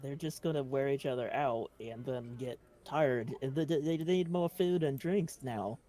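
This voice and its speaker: A man's voice: medium pitch, normal speed, dark tone. A man playing in a tabletop game, bantering crudely and joking. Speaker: player. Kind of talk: casual tabletop game chat.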